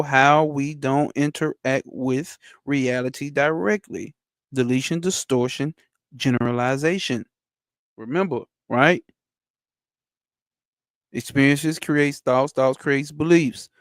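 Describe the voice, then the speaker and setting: A man teaching spirituality. He reads a text aloud slowly and breaks off into blunt, slangy asides with profanity for a live chat. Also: mid-range voice, smooth, no room sound, studio quality. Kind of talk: reading a text aloud and commenting on it.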